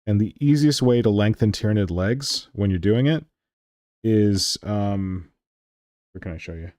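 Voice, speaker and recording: Low, mellow-voiced man demonstrating a hobby. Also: measured pace, dry recording, clean studio sound. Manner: relaxed, talks while handling and gluing models. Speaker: hobby stream host. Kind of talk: casual chat and hobby demonstration.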